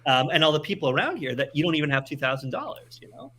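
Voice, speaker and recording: Here a Montreal man with a fairly high-pitched voice races through his words. He's casually swapping stories on a podcast, animated and constantly restarting or repeating himself.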